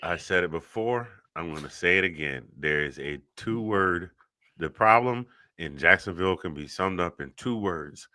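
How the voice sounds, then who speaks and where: A man's voice: sits low, lively intonation, moderate pace, bright, forceful tone. A man on a sports talk panel, joking and telling things with animation. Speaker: podcast panelist.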